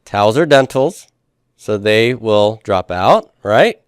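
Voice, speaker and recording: Man, classroom lecture, smooth resonant voice, patient and joking, dry close sound. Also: on the low side, animated, takes it slowly, dry recording. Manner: explains step by step, often checks understanding with "right?" and "okay?"; playful with jokes and puns. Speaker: Greek teacher. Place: classroom with students.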